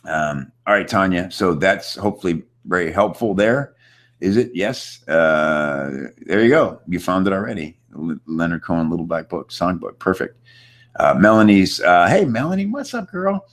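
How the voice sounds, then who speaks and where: A man with a remarkably deep, low voice hosts a live online coaching chat. He talks in a loose, upbeat way, full of fillers, and speaks to viewers from his computer. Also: moderate pace. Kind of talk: casual coaching chat, reading viewer questions. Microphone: computer setup with screen share.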